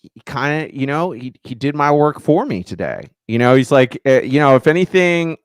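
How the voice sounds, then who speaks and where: A man co-hosting a podcast in casual chat, rambling with many halting restarts. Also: medium pitch, sing-song, clean tone, dry recording, studio quality. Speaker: podcast co-host.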